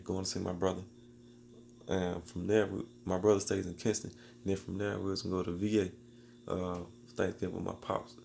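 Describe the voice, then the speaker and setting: A man tells a story in a loose, rambling way, piling up slang and restarting his sentences. His voice sits low and has a gravelly, creaky edge. A faint hiss runs under it. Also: darkish tone. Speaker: beatmaker telling a personal story. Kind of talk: casual storytelling.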